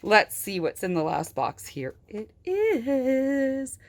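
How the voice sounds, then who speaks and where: A young adult woman reviewing toys in an unboxing video, gushing and excitable, gasping with delight. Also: fairly high pitch, takes it slowly. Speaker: toy reviewer.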